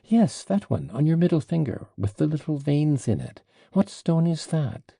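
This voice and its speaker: A man's voice: a little high, big pitch swings, moderate pace, gravelly, mellow, dry recording, studio quality, pitched above the performer's own voice, exaggerated voice. A man reading an audiobook, voicing an agitated, proud young man under arrest in impassioned, indignant outbursts. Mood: insistent.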